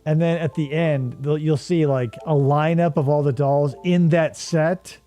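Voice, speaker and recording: A man's voice: on the high side, fairly even intonation, a little slow, warm tone, faint music behind. A man hosting a livestream, joking and swearing, now and then slipping into mocking voices. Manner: jokey, profane, does mocking voices. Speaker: streamer host. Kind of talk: casual livestream commentary.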